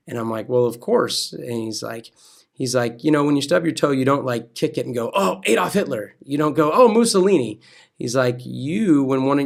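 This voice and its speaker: Gravelly-voiced American man telling a story. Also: medium pitch. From California. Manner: animated storytelling that acts out quoted dialogue; preaching tone. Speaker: pastor and wrestling coach, guest. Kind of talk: telling a personal faith story.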